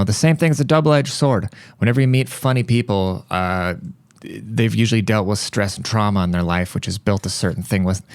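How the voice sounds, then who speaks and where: Young dude podcasting, swears a lot, rambles, dry close mic, kinda gravelly. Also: male voice, on the low side, no room sound. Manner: rambling, profane, animated storytelling. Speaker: podcast host. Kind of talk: casual monologue.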